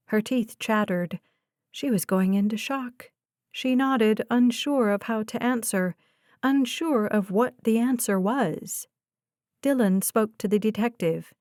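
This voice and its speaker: A woman narrating an audiobook in a measured, even way. Her voice sits in a middle range for a woman. The booth recording is dry and close, with no room sound. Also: mid-range voice, no echo. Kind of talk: scripted narration.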